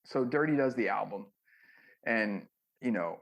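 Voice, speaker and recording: A former music manager, a man, telling a long story in a loose, rambling way and often ending sentences with a quick "right?". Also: lowish voice, expressive, gravelly. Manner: ends many sentences with a tag question, "right?"; loose and rambling, with restarts and fillers. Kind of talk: casual storytelling in an interview.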